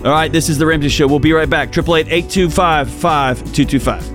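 A man's voice: on the high side, steady tone, brisk, music in the background. A middle-aged man hosting a call-in advice show, blunt and emphatic as he drives home his points. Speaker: talk show host. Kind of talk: casual advice talk.

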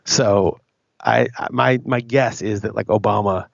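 A man with a low, gravelly, slightly husky voice gives his opinions bluntly on a podcast, swearing freely and restarting his sentences. The audio is dry and a little dull. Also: fairly even intonation, measured pace, no echo. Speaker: podcast co-host. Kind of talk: casual opinionated chat.

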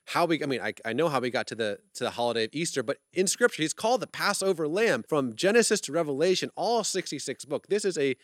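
A male interview host speaks casually and with enthusiasm, dropping into slang as he goes. His pitch runs a little high for a man and swings widely as he talks. The recording is dry and close. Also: no echo. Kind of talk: casual chat.

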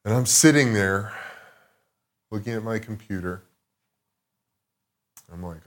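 A man with a somewhat low voice chats as a podcast guest. He tells his story loosely, with plenty of swearing and a reflective turn, in a casual, unscripted way. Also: slow, pauses often. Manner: profane, rambling, reflective.

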